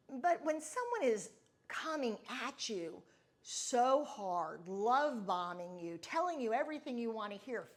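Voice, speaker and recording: A middle-aged woman hosting a podcast, telling a personal story in a candid, confiding and reflective way. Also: mid-range voice. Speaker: podcast host.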